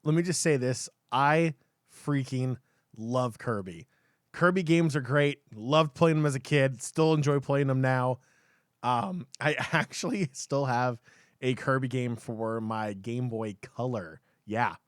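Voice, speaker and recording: Man, gaming podcast co-host, excitable and rambling, medium pitch, dry close sound. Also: a little slow, no room sound. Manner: excitable, rambling with many fillers and restarts. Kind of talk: casual chat.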